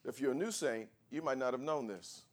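A man preaching a sermon to a congregation, leading call and response and building from quiet talk to shouted scripture. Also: medium pitch, fairly quick. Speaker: pastor. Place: church before a congregation.

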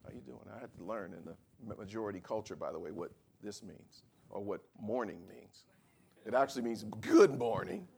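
A man preaching a sermon in a lively, conversational way, acting out bits of everyday talk. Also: on the low side, moderate pace, vocal fry, slightly rough.

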